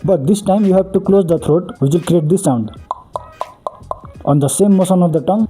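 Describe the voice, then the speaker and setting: A man's voice: high voice, moderate pace, long pauses, warm tone, slightly rough. A man hosting a beatbox tutorial, explaining each step earnestly and repeating "really, really" for emphasis.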